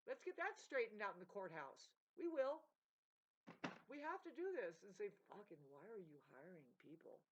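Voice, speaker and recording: Female vlogger, middle-pitched, profane, digressive monologue with emphatic bursts. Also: sing-song, fairly quick, poor audio. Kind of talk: unscripted rambling rant.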